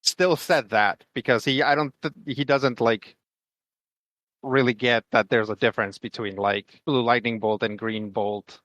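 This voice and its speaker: A man's voice: medium pitch, fairly even intonation, measured pace, fairly bright tone, no echo. A man playing in a tabletop game, talking casually and hedging his words with "like". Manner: hedging, lots of "like". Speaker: player.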